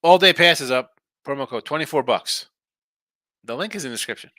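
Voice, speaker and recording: Bright-voiced man chatting about bets. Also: fairly high pitch, lively intonation, brisk, no echo. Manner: rambling, reads out viewer messages and answers them. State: tired, yawning. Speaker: sports betting podcast host. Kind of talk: casual live-stream chat.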